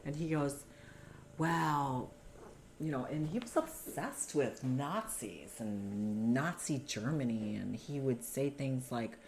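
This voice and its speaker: Slow, expressive, and rumbling low with a darkish tone, a woman guest tells her personal story, with slight noise in the background. It's candid, earnest conversational storytelling that tumbles along, full of "you know" and "like."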